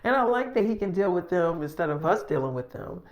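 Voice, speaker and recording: A woman's voice: fairly low pitch, lively intonation, a little fast. A woman casually recapping a role-play story in a rambling, profane way, retelling who said what.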